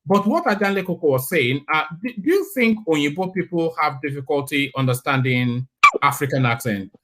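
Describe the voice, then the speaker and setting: A man's voice: a little high, lively intonation, normal speed, fairly bright tone. A man from Nigeria hosting a casual panel discussion, stammering and repeating words as he talks. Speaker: host.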